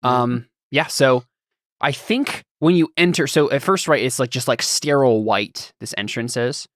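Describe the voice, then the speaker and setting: A man's voice: medium pitch, unhurried, a bit bright, dry recording. Male game master, medium voice, rambling, word-searching narration, dry close sound. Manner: rambling, searching for words as he describes.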